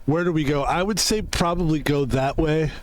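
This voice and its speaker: A man's voice: on the high side, normal speed. A man streaming a video game and musing aloud in casual, rambling commentary.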